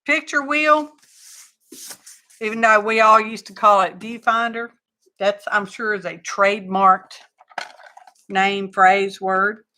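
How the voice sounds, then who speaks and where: A woman's voice: medium pitch, fairly even intonation, slow pace, pauses often, bright, forceful tone. A woman with a Texan accent, hosting a livestream and chatting casually in a rambling, folksy way. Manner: rambling, folksy storytelling with asides. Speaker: livestream crafting host.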